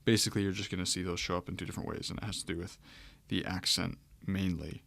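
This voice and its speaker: In a screen-share lecture, a Greek grammar teacher with a low, gravelly voice gives a relaxed lesson at a fast clip. He works through the material step by step, filling his sentences with fillers. The recording is dry and close, with no room echo.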